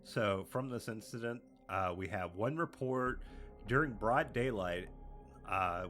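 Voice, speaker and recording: A man co-hosting a casual podcast, reading sighting reports aloud between quick asides. His voice is bright and forward, and his pace slows when he reads from notes. Soft music sits faintly in the background. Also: on the low side. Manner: reads notes with frequent uh fillers, animated asides. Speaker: podcast co-host.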